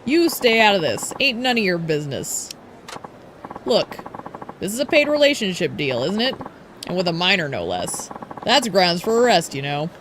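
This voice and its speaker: A woman reading game subtitles aloud as a gruff middle-aged brawler, calm and firm, over a noisy stream recording. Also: fairly low pitch, normal speed. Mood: stern.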